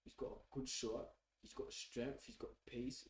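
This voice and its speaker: A man hosting a fan channel, giving live match reaction commentary in an excitable, opinionated way and swearing casually. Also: mid-range voice, a little slow. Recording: roomy echo.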